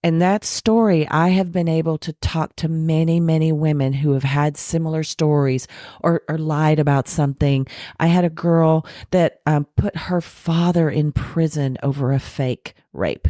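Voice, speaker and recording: A woman with a notably deep voice, a podcast guest, frankly recounts her past and her recovery, acting out the people she quotes and laughing at herself. She slows and softens to make a point. The recording is dry and close, with no room sound.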